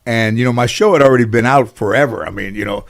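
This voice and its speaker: A man's voice: mid-range voice, fast, creaky. A middle-aged American man chats as an interview guest. He tells long anecdotes in a loose, rambling way, full of "you know" and false starts, with a mid-range voice. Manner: rambling, anecdotal, lots of fillers and restarts. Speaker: interview guest, comedian and actor. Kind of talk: casual storytelling in an interview.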